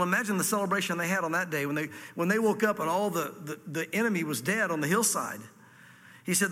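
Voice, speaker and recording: Animated and forceful, this Virginia pastor with a Southern accent speaks quickly in a high-pitched, bright voice as he teaches scripture with folksy asides. He addresses a congregation in a church hall, and the sound is big and roomy.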